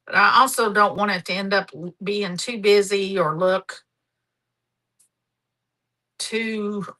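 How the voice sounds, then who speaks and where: A woman's voice: medium pitch, fairly even intonation, slow, pushed and bright, rough recording. A middle-aged woman hosting a live craft demonstration, chatty, homey and affectionate. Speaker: craft show host.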